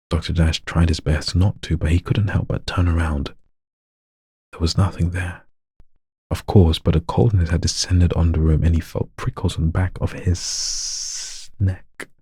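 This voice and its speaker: A man's voice: low voice, a little mellow, breathy edge, dry recording, clean studio sound. A man reading a story aloud, stumbling over lines, retaking them and joking with himself. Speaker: story narrator.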